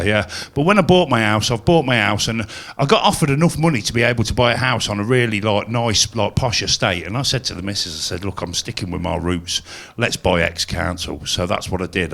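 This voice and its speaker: A man works a live crowd, swinging between chatty asides and loud punchlines. His voice sits low with a gravelly edge, and he pokes fun at himself throughout his stand-up set. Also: animated, fairly quick, few pauses. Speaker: stand-up comedian. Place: live comedy venue.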